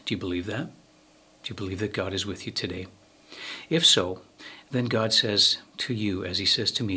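A man preaching a sermon, earnest and measured, slowing down and dropping his voice at the ends of key phrases. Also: sits low, pushed and bright, breathy edge. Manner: earnest, measured preaching with slow emphatic phrase endings and frequent fillers.

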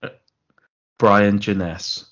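A man's voice: fairly low pitch, level tone, very slow, fairly bright tone, highs cut off. A man co-hosting a podcast, rambling sarcastically through a film plot and interrupting himself. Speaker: podcast co-host. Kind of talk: casual film-review chat.

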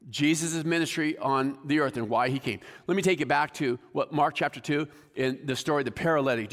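A man's voice: mid-range voice, a bit bright, big-room sound. A male pastor giving a conversational sermon and putting questions to the congregation.

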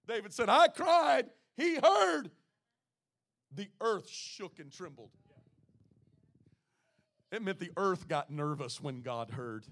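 High-voiced preaching man. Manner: dynamic preaching, swings between loud exclamations and hushed asides; reads scripture aloud. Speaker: pastor. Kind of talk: sermon.

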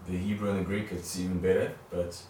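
A man's voice: low voice, flat delivery, fast talker, a little mellow, a little hiss or hum. A man sharing in a church study group, hesitant, often restarting and repeating words. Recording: very echoey room from far off.

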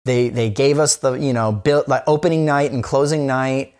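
A man's voice: medium pitch, steady tone, moderate pace, darkish tone. A man co-hosting a podcast, talking candidly in a casual chat, rambling with many fillers and restarts. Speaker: podcast co-host.

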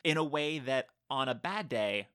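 A young man with a bright, forward voice co-hosts a casual podcast. He jokes, tells anecdotes eagerly and jumps in with quick reactions. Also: mid-range voice, lively intonation, clear, resonant tone, no echo, studio quality. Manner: enthusiastic, joking, quick reactions. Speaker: podcast co-host. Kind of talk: casual chat.

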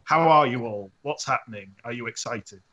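A man co-hosting a casual podcast, telling an animated story with frequent laughs and restarts. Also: mid-range voice, moderate pace. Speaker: podcast co-host and robot builder. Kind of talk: casual chat.

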